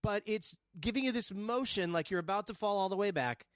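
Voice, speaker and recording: Wry laid-back man with a higher voice. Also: brisk, fairly bright tone, dry recording. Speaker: podcast guest. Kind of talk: casual chat.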